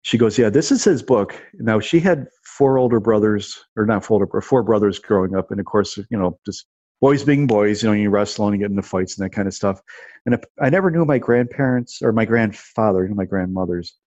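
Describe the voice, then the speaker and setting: A low-pitched man in his fifties spins a casual, rambling story, stumbling over restarts and leaning on filler words. The recording is dull and lo-fi, with a dry, close sound and no room around it. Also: a little fast, a little mellow, no room sound. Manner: rambling, restarts and repeats words, lots of "you know" and "like". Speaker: guest telling personal stories.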